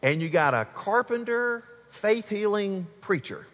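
A man's voice: high voice, lively intonation, a little slow, a bit bright, big-room sound. A man preaching a sermon to his congregation, speaking to them directly and with energy. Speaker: pastor.

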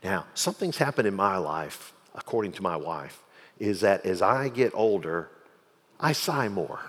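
A middle-aged man preaching a sermon in a conversational style, with soft asides and emphatic repetition. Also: low-pitched, expressive, unhurried, long reverb tail. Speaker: pastor.

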